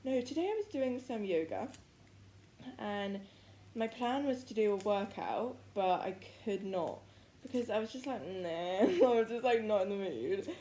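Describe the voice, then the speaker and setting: A woman's voice: mid-range voice, expressive, a little slow, mellow. A young woman chatting in a rambling, giggly way, full of "like" and "literally", while she cooks at home and keeps yawning from tiredness. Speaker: vlogger. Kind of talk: casual chatty vlog while cooking. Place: home kitchen, indoors. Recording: echoey room with faint background noise.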